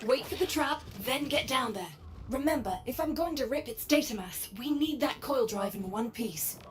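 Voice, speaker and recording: Brisk, commanding resistance handler. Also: female voice, high-pitched, animated. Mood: urgent. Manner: clipped, commanding briefings.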